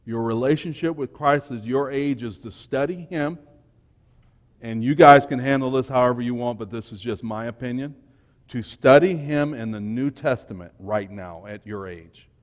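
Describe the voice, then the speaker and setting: A man giving an informal, emotional sermon to young people, swinging between quiet and loud. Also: mid-range voice, normal speed. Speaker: speaker at a church youth talk. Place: church hall. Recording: long church hall reverb.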